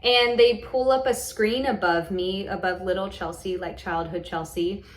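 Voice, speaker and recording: A woman tells a personal story in a relaxed vlog. Her talk wanders, full of fillers and restarted sentences. Her voice sits at an ordinary pitch, and the room adds a noticeable echo. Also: normal speed. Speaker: vlogger recounting a hypnosis session. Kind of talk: casual storytelling to camera.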